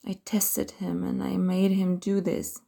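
A woman speaks in a whispered role-play, her voice drawn out slowly and heavy with gravelly fry. The tone is husky and mellow, close and intimate. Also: medium pitch, completely flat delivery. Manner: soft breathy whisper, slow and intimate. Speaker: narrator of an erotic audio story.

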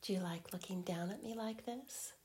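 Playing a girlfriend in a whispered role-play, this woman speaks at a medium pitch, teasing in unhurried, breathy whispers interrupted now and then by gentle hums.

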